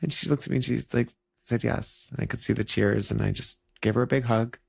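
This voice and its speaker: A man's voice: medium pitch, fast talker, gravelly, husky, no room sound, clean studio sound. A man who teaches yoga, chatting casually and reflectively, full of "like" fillers and restarts. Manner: rambling, many "like" fillers and restarts. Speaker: yoga teacher and podcast co-host.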